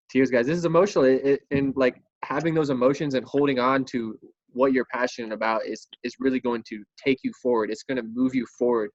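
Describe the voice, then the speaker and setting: A man's voice: mid-range voice, no room sound. Guy hosting a video call, hyping everyone up, slangy and motivational, muffled dry sound. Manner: encouraging, casual slang. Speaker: call host. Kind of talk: motivational talk.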